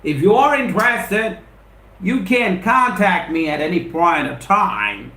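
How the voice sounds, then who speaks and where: A man with an Indian English accent, his voice sitting high and sharp, speaks animatedly at a measured pace in a roomy-sounding space. He runs a live spoken English lesson, greeting viewers by name and repeating points with emphatic, motivational force.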